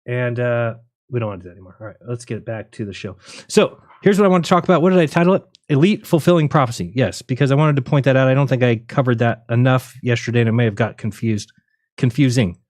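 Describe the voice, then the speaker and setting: A man's voice: mid-range voice, fast, a little mellow, no room sound, studio quality. Man rambling on a joking livestream. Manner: rambling, joking, laughs at his own jokes. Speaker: livestream host. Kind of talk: casual rambling livestream chat.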